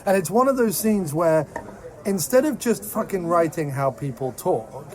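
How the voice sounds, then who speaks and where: A man's voice: high voice, expressive, moderate pace. A man co-hosting a casual film-review podcast, rambling and incredulous with frequent restarts. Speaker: podcast co-host.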